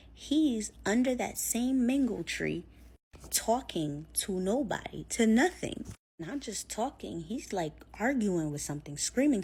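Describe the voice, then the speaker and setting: A woman's voice: a little high, darkish tone, breathy edge. A woman telling a scary story in a chatty, casual way, full of fillers, acting out what people said. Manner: chatty, filler-heavy, acts out quotes.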